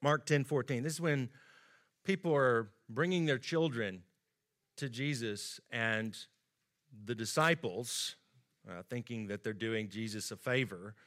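A man's voice: medium pitch, a little slow, a bit bright. A man preaching a sermon in a conversational way, acting out the quoted lines with rising emphasis.

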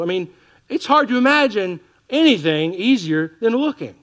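A middle-aged man preaching a sermon in a lively way, acting out what the people in his stories say. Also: high voice, moderate pace. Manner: animated preaching that acts out quoted voices.

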